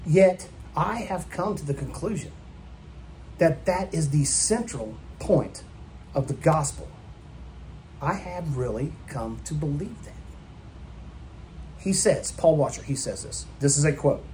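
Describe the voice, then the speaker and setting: A man's voice: fairly high pitch, expressive, a little slow, long pauses, darkish tone, a little hiss or hum. A man preaching a sermon in a church, emphatic and full of rhetorical questions put to the congregation. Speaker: pastor.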